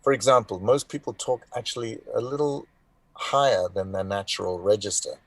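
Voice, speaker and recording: A man's voice: fairly low pitch, moderate pace, no room sound. A man in his sixties from South Africa, a voice actor chatting as a guest over a video call, rambling with many fillers and restarts, wry and frank. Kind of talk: casual live interview chat.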